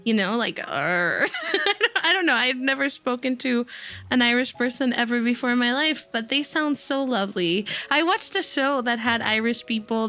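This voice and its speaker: A woman streamer chatting casually with her viewers, giddy and hyper, laughing often between unhurried sentences into a desk mic. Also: on the high side, sharp tone. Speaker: VTuber streamer. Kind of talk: casual livestream chat. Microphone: desk microphone.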